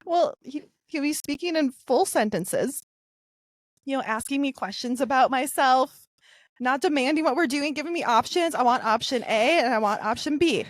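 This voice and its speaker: Young woman, high voice, playful banter, casual podcast chat, dry close sound. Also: normal speed, dry recording. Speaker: podcast co-host.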